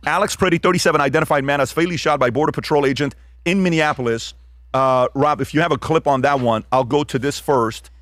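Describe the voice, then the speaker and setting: Halting man hosting news reaction. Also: fairly high pitch, a bit bright, no room sound, studio quality. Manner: halting, with many uh fillers, reading out news stories. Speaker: show host.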